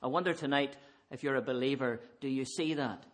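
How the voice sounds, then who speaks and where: A man's voice: mid-range voice, a little fast. A man preaching an evening sermon, earnest and emphatic, pressing his listeners with repeated rhetorical questions.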